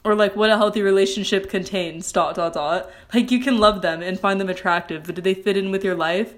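A young woman with a slight lisp hosting a casual solo podcast, rambling and correcting herself with sarcastic asides. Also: mid-range voice. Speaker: podcast host.

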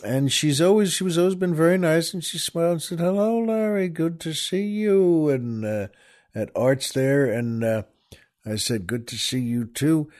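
A man's voice: medium pitch, moderate pace. An older man hosting a talk show, telling a rambling, wry story with small laughs and restarts. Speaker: podcast host. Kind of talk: casual storytelling monologue.

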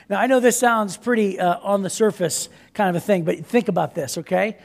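A man preaching a sermon as a pastor, energetic and conversational, often checking in with "right?". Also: high voice, moderate pace, creaky. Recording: echoey hall reverb.

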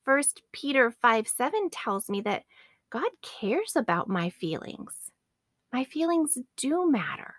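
A woman's voice: high voice, big pitch swings, slow, no room sound, clean studio sound. A woman in her late thirties hosting a faith podcast, earnest and addressing her listeners as friends. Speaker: podcast host.

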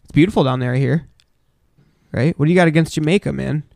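A man co-hosting a podcast, trading crude jokes and swearing freely as he slips into goofy voices. His voice sits a bit high. The sound is dry and close. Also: fast talker, creaky, a little mellow, dry recording. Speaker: podcast co-host. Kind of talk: casual banter.

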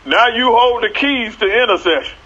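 A man talking like a preacher on a church talk show, animated and repeating his words as he builds up. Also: very high voice, normal speed, muffled recording, a little hiss or hum.

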